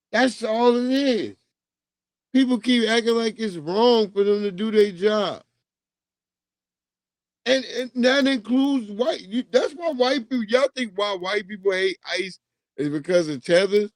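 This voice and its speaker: A man's voice: high voice, no echo, clean studio sound. A man hosting a livestream, ranting profanely in casual commentary and laughing through it. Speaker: livestream host.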